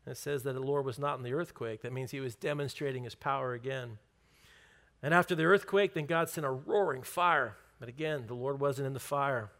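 A man's voice: mid-range voice, brisk, fairly bright tone. A man preaching a sermon as pastor, conversational and emphatic, with light jokes.

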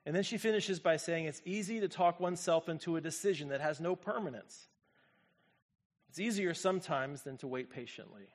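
A man preaching a sermon as pastor, swinging from quiet, low reflection to loud, fervent exclamation and calling on the congregation to respond. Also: a little fast. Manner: speaks to the congregation directly, asks for responses.

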